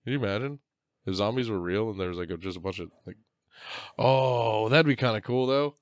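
A man's voice: fairly low pitch, a little fast, no room sound, clean studio sound. A man co-hosting a podcast, joking crudely and bantering with lots of swearing. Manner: profane, joking, slips into silly bits. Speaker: podcast co-host.

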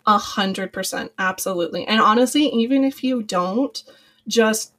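A woman's voice: mid-range voice, moderate pace, a bit bright. A young adult woman, a podcast guest and former cast member, talking in a chatty, rambling way with many fillers. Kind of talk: casual podcast conversation.

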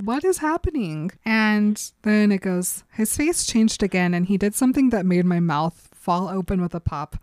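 A woman in casual podcast chat, retelling a book scene with lively acted-out quotes. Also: medium pitch, no room sound. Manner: animated retelling, acting out quotes with laughs. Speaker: podcast co-host recapping a book.

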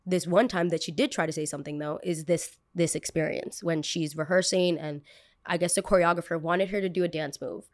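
A woman hosting a casual podcast, talking in an animated, chatty way, swearing casually and acting out what other people said. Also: lowish voice. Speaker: podcast host.

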